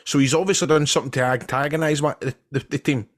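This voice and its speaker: A man co-hosting a football podcast, telling stories in animated casual chat. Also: a little high, fast talker. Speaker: podcast co-host.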